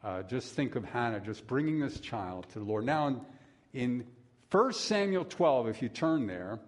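Male pastor, middle-aged, folksy sermon, chatty asides, mid-pitched voice. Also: lively intonation, a little slow. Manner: folksy, conversational, with asides to the congregation.

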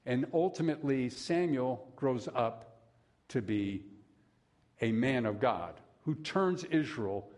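Male pastor, middle-aged, folksy sermon, chatty asides, mid-pitched voice. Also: expressive, takes it slowly, a little mellow. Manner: folksy, conversational, with asides to the congregation.

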